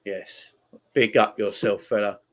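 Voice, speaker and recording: A man hosting a live football watchalong, chatting casually, reading out viewer messages and repeating his shout-outs. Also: on the low side, steady tone, measured pace. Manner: rambling, repeats phrases. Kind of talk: casual live-stream chat.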